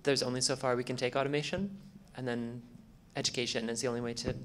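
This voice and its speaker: A man's voice: mid-range voice, flat delivery, fast talker, fairly bright tone, slight background noise. Reflective man on a conference panel. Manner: reflective, agreeable.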